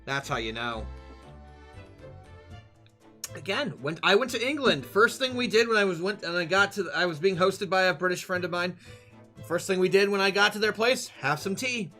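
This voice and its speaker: High, animated male game streamer. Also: brisk, soft background music. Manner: chatty, swears, laughs at himself. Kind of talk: live gameplay commentary.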